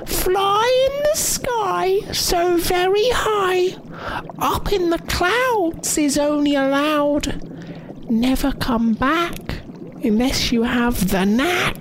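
A woman voicing a croaking, cackling old witch who chants spells in a drawn-out, sing-song way. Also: very high voice, very animated, noisy background, voice pushed up, heavily acted. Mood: eerie.

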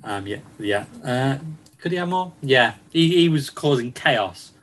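A man's voice: medium pitch, lively intonation, unhurried, fairly bright tone, poor audio. A man chatting casually about football on a podcast, with many ums and restarts and frequent laughs. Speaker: football reporter.

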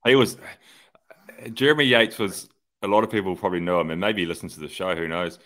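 Low-voiced New man, casual. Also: fast, fairly bright tone. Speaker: podcast co-host, former racing cyclist. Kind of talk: casual chat.

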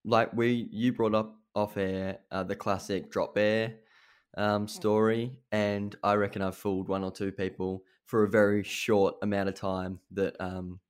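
A young Australian man co-hosts a radio show in easygoing, upbeat chat. His voice is a touch low, and he leans on fillers as he thinks aloud. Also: level tone, a little slow, clean tone. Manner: upbeat, laughs easily, filler-heavy. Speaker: radio co-host.

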